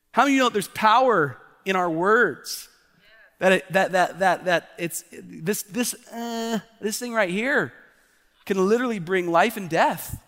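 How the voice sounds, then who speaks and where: A man's voice: fairly high pitch, fairly bright tone. A male pastor preaching a fervent sermon, often restarting his sentences and stepping into asides. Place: church sanctuary. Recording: long church hall reverb.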